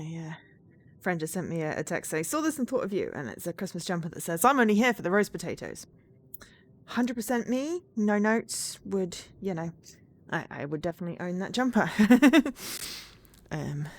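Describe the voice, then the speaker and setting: A woman's voice: lowish voice, big pitch swings, moderate pace, long pauses. A woman streamer chatting casually and rambling as she plays a game, laughing easily. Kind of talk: casual let's-play commentary.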